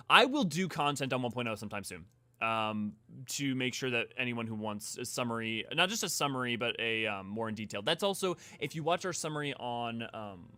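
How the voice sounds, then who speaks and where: A man hosting a live game stream, rambling casually between lore points and viewer shout-outs. His voice is bright and forward, at an ordinary pitch for a man. Talk is loose, friendly, full of restarts. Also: expressive, moderate pace, dry recording. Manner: chatty, rambling, reads viewer comments.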